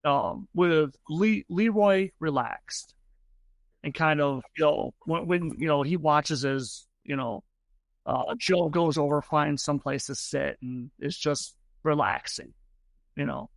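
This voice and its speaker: A man's voice: fairly high pitch, takes it slowly, creaky, dry recording. A man narrating as game master of a tabletop game, rambling with many fillers and restarts.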